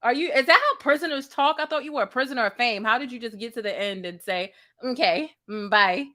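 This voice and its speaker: A woman's voice: a little high, fast talker, bright, forceful tone. A woman hosting a reaction commentary, sassy and incredulous, talking straight to the viewer. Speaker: commentary host.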